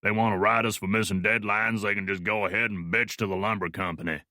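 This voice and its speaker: A man's voice: lowish voice, steady tone, fast talker, bright, forceful tone, dry recording. A male narrator voicing a brash, crude young laborer in his twenties who talks in a dismissive, leering way. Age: 20s. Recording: dry studio audiobook recording.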